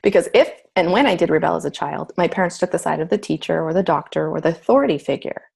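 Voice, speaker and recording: A middle-aged woman appears as a guest and tells a personal story in casual talk, acting out her own inner voice. Her voice is fairly low, darkish, gravelly and husky, and she talks fast.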